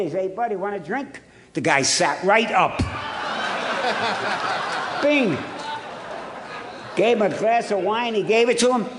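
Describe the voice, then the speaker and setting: Gruff, blunt storytelling man from Ohio. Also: high-pitched. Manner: blunt and gruff, swears freely, animated storytelling. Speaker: recovery meeting speaker. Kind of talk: storytelling talk to an audience.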